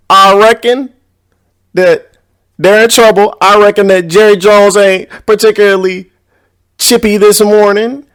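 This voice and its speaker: Brief: host doing a put-on cowboy, hammy drawl, slow and stretched, pitched up a touch. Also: male voice, warm tone, dry recording. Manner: exaggerated yokel drawl, drawn-out words. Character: hammy mock cowboy drawling man, gloating. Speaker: podcast host. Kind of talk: sports talk podcast.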